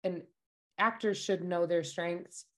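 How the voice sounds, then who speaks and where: A woman stage actor talking casually as a guest, loud and confident, laughing often. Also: on the low side, fairly even intonation, slow. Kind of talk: casual chat.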